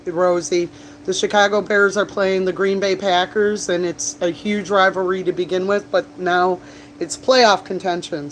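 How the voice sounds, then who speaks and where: Chatty woman livestreaming, slightly low voice. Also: slight background noise. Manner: chatty, rambling, laughs and coughs between stories. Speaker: livestreamer and bartender. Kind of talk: casual livestream chat. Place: bar, indoors.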